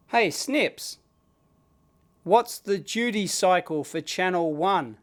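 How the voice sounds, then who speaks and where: An Australian man hosting an electronics video, chatting casually and getting excited while he demos a gadget at his bench. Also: high voice, takes it slowly. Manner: excitable, chatty, blokey slang.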